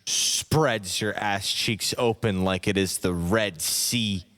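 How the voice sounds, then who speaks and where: Male narrator, low voice, slow hypnotic parody delivery, long echo tail. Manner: slow, soft, second-person hypnotic narration. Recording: long hall reverb.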